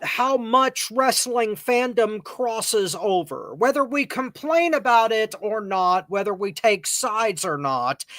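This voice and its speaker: A man hosting a podcast who gives careful, measured commentary. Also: sits high, fairly bright tone, no echo. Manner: slow, deliberate, careful. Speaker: podcast host. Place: cigar lounge, live on location.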